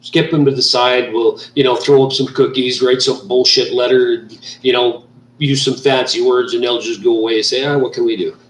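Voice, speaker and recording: A man's voice: mid-range voice, flat delivery, normal speed, slight background noise. Heated profane man ranting in an echoey room. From Canada. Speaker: vlogger. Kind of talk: angry ranting monologue. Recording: echoey room, mic at a distance.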